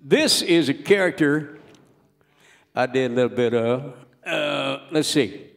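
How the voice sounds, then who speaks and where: A man's voice: mid-range voice, takes it slowly, vocal fry, reverberant. A man, a comedian, talking casually and chattily to a live audience, with small fillers. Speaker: radio comedian guest.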